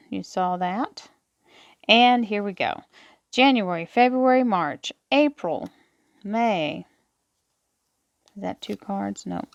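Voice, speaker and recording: A woman lays out and explains tarot cards in a reassuring, encouraging voice of middle pitch. Her voice sounds close and dry, with no room echo. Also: vocal fry. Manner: encouraging, reassuring, calls listeners "my darlings". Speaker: tarot reader. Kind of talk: tarot card reading forecast.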